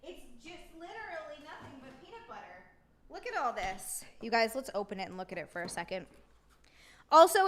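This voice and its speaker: A woman streams live and chats casually with her viewers in a high, bright, forceful voice. She is excitable and giggly and thanks people by name. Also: slight background noise.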